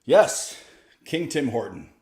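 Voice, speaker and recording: Guy doing stand-up stories, dry deadpan delivery, medium voice, echoey room sound. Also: medium pitch, takes it slowly. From Canada. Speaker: comedian. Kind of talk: stand-up storytelling.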